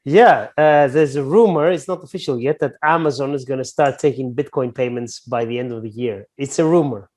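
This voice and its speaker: A man co-hosting a trading webinar, explaining in a relaxed, offhand way over a call mic. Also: mid-range voice, fairly quick, few pauses. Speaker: market analyst co-host. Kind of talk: casual webinar chat.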